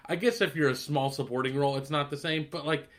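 A man's voice: a little high, fairly even intonation, fast. A young man co-hosting a podcast, chatting in a laid-back way with casual swearing. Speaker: podcast co-host. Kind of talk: casual chat.

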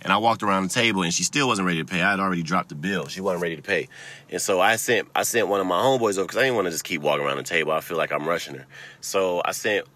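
A young man casually telling a story, profane and laughing, getting heated and loud as he goes. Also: deep voice, racing.

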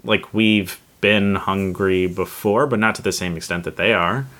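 A man in his thirties co-hosts a casual podcast chat. His voice sits somewhat low. He tells stories in a relaxed way, with plenty of fillers. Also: normal speed. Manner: relaxed, storytelling with many fillers. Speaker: podcast co-host. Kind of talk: casual conversation.

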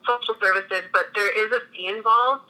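A woman's voice: medium pitch, steady tone, moderate pace, sharp tone, rough recording. A woman in her thirties from Minnesota, telling her own story in a chatty way with many restarts. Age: 30s. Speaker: guest. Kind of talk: casual interview conversation.

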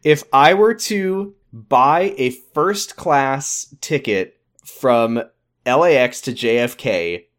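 Animated swearing male podcast co-host. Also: medium pitch. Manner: animated, profane, retells scenes doing quick voices. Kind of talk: casual recap chat.

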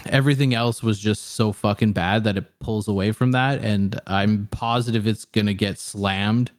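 A man's voice: fairly low pitch, steady tone, normal speed. A young man in casual chat, reviewing a film in a rambling way with lots of fillers and swearing. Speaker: podcast co-host reviewing a film.

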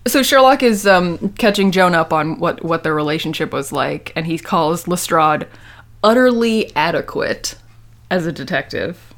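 A woman's voice: sits low, lively intonation, measured pace. A woman casually recapping a TV episode, acting out the characters' lines as she goes. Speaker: podcast host recapping a TV episode. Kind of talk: casual chat.

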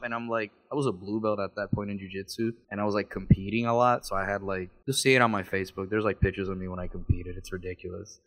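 A man's voice: on the low side, steady tone, fast, hardly any pauses. Cursing, laughing man telling stories. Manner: profane, laughing storyteller. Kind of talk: casual chat.

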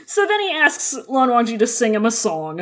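A woman's voice: on the high side, wildly swooping pitch, moderate pace, noisy background. A young woman co-hosting a casual podcast chat, giggly as she retells a story. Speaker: podcast co-host. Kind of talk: casual chat about a book.

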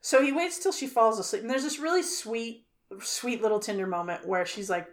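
A woman tears through a film's plot in casual podcast chat, swearing freely and acting out the characters' lines. Her voice sits a bit high. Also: brisk. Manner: profane, animated storytelling with acted quotes. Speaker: podcast co-host. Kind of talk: casual chat, film rant.

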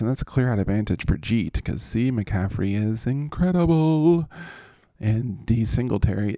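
A man hosts a fantasy football show and walks through matchups in a loose, jokey way, filling pauses with "uh" and "um". His low voice is mellow and gravelly. His pitch moves around a lot, and the recording is close and dry. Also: dry recording. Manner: easygoing, filler-heavy, jokey. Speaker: fantasy football podcast host. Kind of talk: casual podcast matchup rundown.

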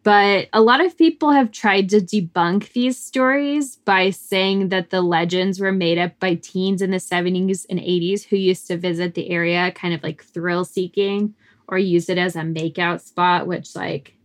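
A woman's voice: on the low side, fairly even intonation, measured pace. A woman co-hosting a podcast, telling spooky stories in a casual, slangy way with laughs and swearing. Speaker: podcast co-host. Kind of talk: casual chat, telling a ghost story.

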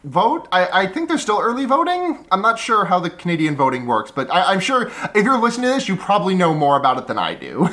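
A man's voice: high-pitched, huge pitch swings, quick pace, sharp tone. A man co-hosting a casual comedy podcast, rambling, restarting his sentences and laughing easily. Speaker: podcast co-host.

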